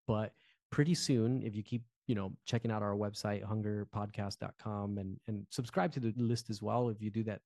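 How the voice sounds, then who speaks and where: A man from New Jersey in his thirties, a former pastor co-hosting a podcast in animated casual talk. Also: fairly low pitch, creaky, dry recording. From Newark, New Jersey. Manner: animated, conversational, fillers like "you know".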